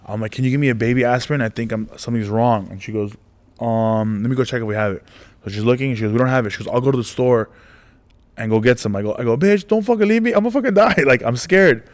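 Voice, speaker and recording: A man's voice: on the low side, fast. Rambling forty-year-old male comedian. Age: 40s. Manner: rambling, animated storyteller acting out dialogue. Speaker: comedian guest. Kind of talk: casual interview storytelling.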